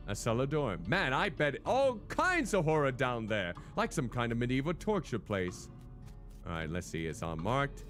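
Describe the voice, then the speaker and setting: Male streamer narrating game text, unhurried and expressive, soft music behind. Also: mid-range voice. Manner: theatrical narration, joking asides. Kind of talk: reading game text aloud and commenting on a stream.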